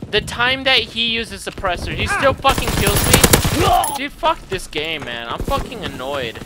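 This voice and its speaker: At home playing a console shooter, a young man who makes gaming videos gives frustrated, profane commentary punctuated by angry outbursts. His high voice is very animated and moderately paced, while loud game gunfire makes the recording very noisy.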